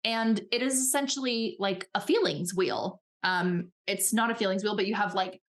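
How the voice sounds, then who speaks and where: A woman coach speaking as a podcast guest, animated and chatty, often acting out little voices in her examples. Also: medium pitch, moderate pace. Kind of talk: casual chat.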